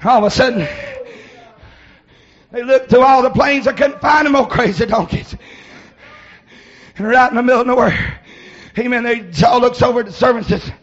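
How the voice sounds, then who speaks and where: A man preaching a shouted sermon in church, whooping and calling on the congregation to respond. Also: very high-pitched, normal speed, pauses often, dull audio. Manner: hollers and whoops, calls for response. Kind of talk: shouted Pentecostal-style sermon with storytelling.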